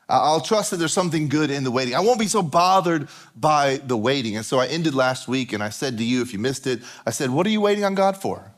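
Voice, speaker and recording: A man's voice: on the high side, very animated, quick pace. A man preaching a sermon as a pastor, conversational and repeating phrases for emphasis.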